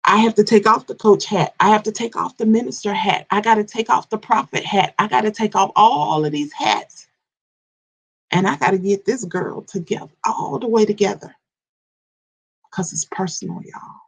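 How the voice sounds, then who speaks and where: A woman's voice: mid-range voice, normal speed, vocal fry, breathy edge. A woman coaching and ministering in a live morning devotional, addressing her listeners directly, with repetition and stammered restarts.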